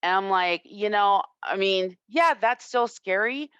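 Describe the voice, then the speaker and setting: A woman self-defense instructor telling a personal story in an interview, reflective and earnest with halting restarts. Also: mid-range voice, fairly bright tone, clean tone, no echo. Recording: dull lo-fi, dry sound.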